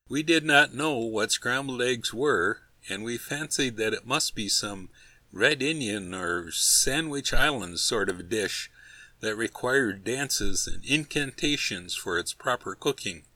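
Bright-voiced male audiobook reader. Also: mid-range voice, no room sound. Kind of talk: scripted narration.

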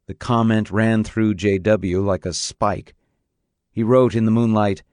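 A man narrating a novel on radio in a measured, even storytelling manner. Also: lowish voice, no room sound, studio quality. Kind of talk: audiobook reading on radio.

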